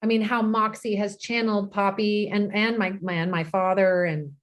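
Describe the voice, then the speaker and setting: A woman's voice: mid-range voice, fairly even intonation, moderate pace. A woman in her thirties, a podcast guest, telling a personal story tenderly. She often stops and restarts her sentences and repeats words. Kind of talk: emotional podcast conversation.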